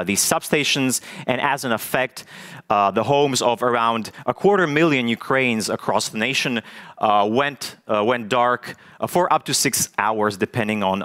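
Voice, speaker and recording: Halting male conference speaker. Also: on the low side, a bit bright. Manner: halting, many fillers and restarts. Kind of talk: technical conference talk. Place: conference stage.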